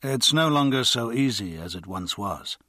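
Man doing a calm Victorian gentleman, audiobook, measured, husky, mid pitch. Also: no room sound, studio quality. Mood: composed.

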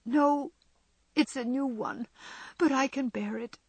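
A woman voicing a frail, gentle young girl in a storybook reading, speaking softly through tears. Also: high voice, slow pace, dry recording, pitched above the performer's own voice, full character voice. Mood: tearful. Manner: soft, tearful pleading.

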